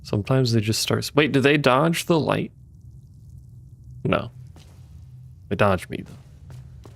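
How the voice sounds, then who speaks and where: A man's voice: mid-range voice, lively intonation, slow pace, vocal fry. A man streaming a video game, chatting casually with his viewers and muttering to himself as he plays. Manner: casual, swears now and then. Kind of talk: live gameplay commentary.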